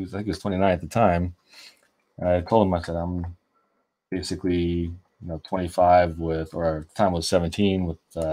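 A man's voice: deep voice, dark tone. A man telling a long, rambling anecdote in casual chat while he colors artwork, often restarting his sentences. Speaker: artist streaming a coloring session. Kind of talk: casual storytelling while drawing.

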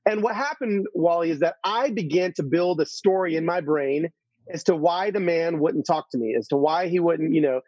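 Man, high-pitched, earnest storyteller, dull dry studio sound. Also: normal speed, husky, no echo. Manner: earnest, animated storyteller with repeated restarts. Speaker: guest. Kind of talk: storytelling interview.

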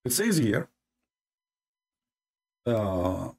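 A man hosting a religious debate show, speaking in a sarcastic, mocking way and reading texts aloud slowly. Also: very animated, gravelly, husky. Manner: sarcastic, reads texts aloud slowly, mimics opponents in a high voice.

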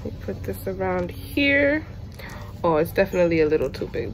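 A woman's voice: sing-song, normal speed, a little hiss or hum. Chatty woman coaxing her dog. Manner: chatty, switches to high coaxing baby talk for her dog. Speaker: vlogger dressing her dog. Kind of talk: casual home vlog.

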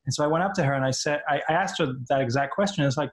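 Animated man from Argentina, echoey room. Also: on the high side, rapid-fire, few pauses. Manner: animated, laughs often, restarts phrases. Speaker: actor guest. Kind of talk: casual interview.

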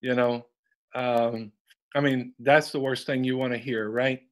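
A man co-hosting a talk show, reading viewer comments in a slow, measured way. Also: medium pitch, fairly even intonation.

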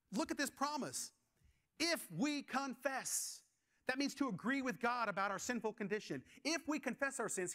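A man's voice: high-pitched, a bit bright. A man preaching a sermon as pastor, asking the congregation questions and telling stories from his own life.

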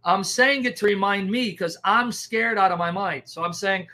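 Animated man with a sharp, bright voice. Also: sits high, moderate pace, hardly any pauses. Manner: animated, dramatic, acts out reactions. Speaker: evangelist. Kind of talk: testimony storytelling.

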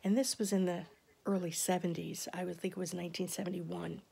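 Fifties woman, low gravelly voice, chatty and laughing a lot, half-whispers stuff. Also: level tone, fairly quick, dark tone. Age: 50s. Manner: chatty, laughs often while reminiscing. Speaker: vlogger. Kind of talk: casual storytelling.

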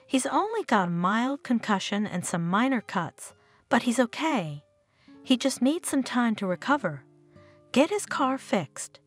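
A woman's voice: fairly high pitch, big pitch swings, a little slow, breathy edge, faint music behind, heavily acted. Woman voicing a frightened injured young woman. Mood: worried. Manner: pleading, tearful. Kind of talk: storybook narration.

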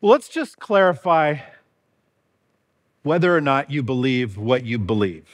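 A man's voice: mid-range voice, big pitch swings, a little slow. A man preaching a sermon in a church, earnest and conversational, asking the congregation rhetorical questions. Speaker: pastor.

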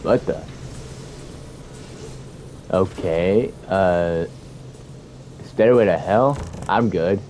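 A man's voice: deep voice, extremely slow, long pauses, a little mellow, slight background noise. A young man commentating a horror game, talking to himself, swearing and panicking at scares. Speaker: gamer playing a horror game. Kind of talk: let's-play commentary.

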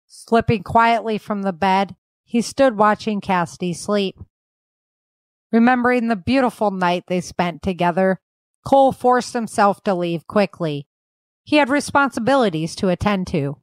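A woman host and author narrating her own novel in an even, measured reading. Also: medium pitch, no room sound. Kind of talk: scripted audiobook narration.

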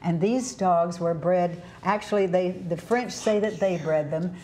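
A woman's voice: lowish voice, a little slow, a little hiss or hum. A middle-aged woman hosting a television talk show about dogs, chatting casually with restarts as she tells stories. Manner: chatty, warm-hearted storytelling about dogs with frequent restarts. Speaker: TV show host. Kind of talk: casual interview chat.

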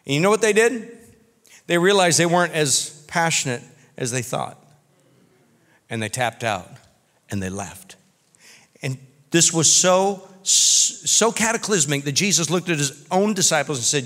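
A man preaching a sermon as pastor, telling folksy stories in an animated way. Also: a little high, measured pace. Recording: reverberant church hall.

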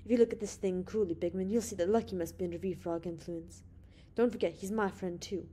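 A woman voicing a tense male officer in an audiobook, loud, insistent and accusing. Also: on the low side, brisk, a little hiss or hum, natural voice. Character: tense male officer holding friends at gunpoint.

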